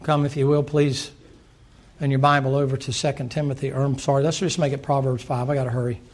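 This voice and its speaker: A man preaching a sermon, dropping into low asides and rising into loud, emphatic runs. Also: flat delivery. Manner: acts out dialogue in quick playful voices. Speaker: pastor.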